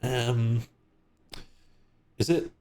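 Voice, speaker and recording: A man narrating as game master of a tabletop game, in a relaxed, easygoing way. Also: medium pitch, very slow, a little hiss or hum.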